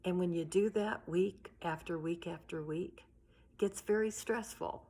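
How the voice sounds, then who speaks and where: A woman's voice: lowish voice, unhurried, dark tone, breathy edge. A middle-aged woman giving a heartfelt recorded address to teachers from her home, telling stories in an earnest way. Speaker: union leader addressing teachers.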